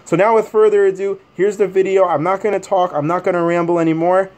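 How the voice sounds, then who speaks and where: A man's voice: sits high, flat delivery, fast, darkish tone. A man vlogging, telling a story to camera in a rambling, agitated way, with many fillers and restarts.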